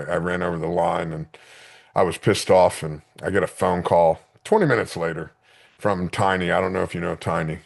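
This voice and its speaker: A man hosting a podcast, telling animated stories with casual swearing and stammered restarts. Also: low voice, gravelly. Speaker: podcast host. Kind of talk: casual interview chat. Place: podcast studio.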